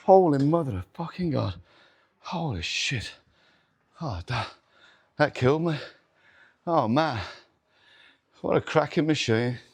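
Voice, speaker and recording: In an indoor gym, a middle-aged man who owns the place hosts a workout demonstration vlog, counting reps aloud and swearing and groaning as he strains. His voice is fairly high, expressive, slightly rough, and slow, with long pauses.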